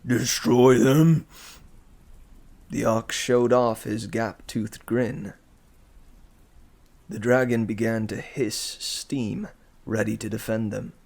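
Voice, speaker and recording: A man's voice: lowish voice, vocal fry. A man reading a book aloud as a bedtime story, chatting casually with listeners between passages. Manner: slow, relaxed, chatty asides to listeners.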